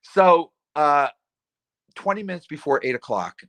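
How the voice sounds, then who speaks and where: Loud middle-aged man telling a story. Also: a little high, measured pace. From New Jersey. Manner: loud, animated storyteller who acts out dialogue. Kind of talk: casual storytelling.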